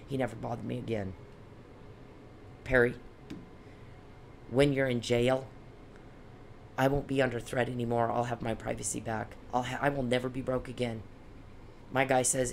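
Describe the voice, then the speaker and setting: A woman's voice: extremely low pitch, level tone, moderate pace, gravelly, pauses often, a little hiss or hum. A woman vlogging an angry, confrontational monologue aimed at one man, cursing often and preaching at him.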